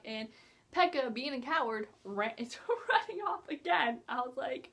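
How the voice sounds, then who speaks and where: A young woman reviewing a book in a casual vlog, gushing and excitable, often breaking into giggles. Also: a little high, moderate pace.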